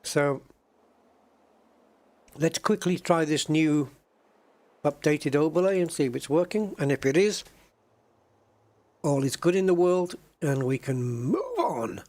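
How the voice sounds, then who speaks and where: Man live-streaming a game, slow unhurried delivery, slightly high voice, casual and chatty, thinking out loud. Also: animated. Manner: thinks aloud, hums to himself while waiting; chatty, addresses viewers as guys. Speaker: streamer playing a space game. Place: home desk with joystick.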